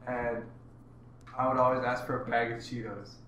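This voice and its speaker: A man's voice: medium pitch, little pitch movement, moderate pace, pushed and bright, muffled recording, slight background noise. A young man hosting a podcast, chatting casually and playfully reading out quiz questions. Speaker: podcast host. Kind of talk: casual chat. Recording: echoey room, a bit off-mic.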